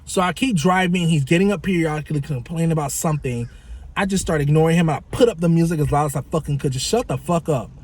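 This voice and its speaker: A man's voice: fairly high pitch, fast. A man vlogger telling a story in a casual, profane, exasperated rant.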